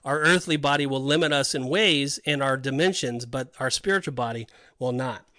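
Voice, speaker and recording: A man's voice: mid-range voice, normal speed, sharp tone, no room sound. A man co-hosting a podcast, talking through Bible passages in a loose, rambling way with frequent restarts. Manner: rambling, restarts often, explains with scripture references. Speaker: podcast co-host. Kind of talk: casual Bible discussion.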